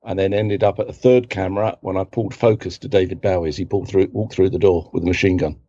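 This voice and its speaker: Middle-aged London man, husky and lowish, rambling storyteller, dry lo-fi line. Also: level tone, fast talker, mellow, dry recording. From England. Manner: rambling, self-correcting, acts out quotes in other voices. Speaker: guest, film assistant director. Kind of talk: casual anecdotal storytelling.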